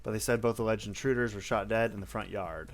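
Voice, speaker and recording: A man's voice: on the low side, quick pace, soft background music. A man hosting, reading news stories aloud with blunt, offhand asides and some cursing. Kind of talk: casual news read-through with commentary.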